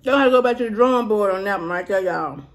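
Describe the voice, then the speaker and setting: Tasting and reviewing food for her viewers, a woman chats casually at a quick pace in a mid-range voice. Between bites she hums and mutters, in the style of a relaxed eating vlog.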